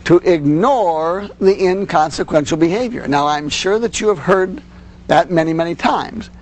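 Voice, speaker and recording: A man's voice: sits high, normal speed. A man giving a lecture to parents on handling children's behavior, earnest and explanatory, often adding "you see". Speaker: parenting instructor.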